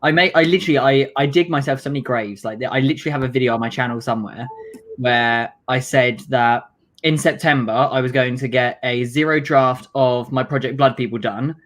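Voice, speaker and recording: A woman's voice: very deep voice, fairly quick. A woman with a nasal British accent, a guest in a casual chat, rambling and self-deprecating. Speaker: guest on a livestream.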